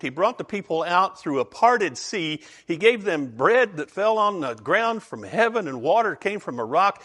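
Animated, conversational male preacher. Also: high-pitched. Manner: conversational, asks the audience questions, tells jokes. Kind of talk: sermon.

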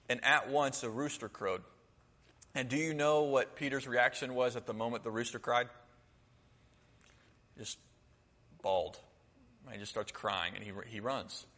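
Guy preaching casually, bright tone, echoey big room. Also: mid-range voice. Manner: conversational, acts out quotes. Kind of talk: sermon.

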